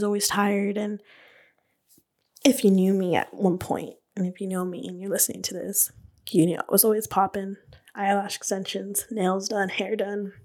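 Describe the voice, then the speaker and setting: A woman hosting a podcast, telling her own story in a casual, animated way. She fills her talk with "like", laughs often and swears freely. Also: mid-range voice. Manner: chatty and animated, many "like" fillers, laughs. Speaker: podcast host and beauty business owner.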